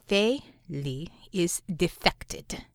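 A woman voicing a stern, cold female commissar who speaks in a clipped, flat way through clenched teeth. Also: medium pitch, unhurried, no echo, clean studio sound. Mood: flat whisper.

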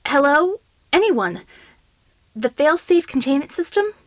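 A woman voicing a brash, tough female agent who talks in loud exclamations. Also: sits high, expressive, a little fast, no echo, voice pushed up. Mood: urgent.

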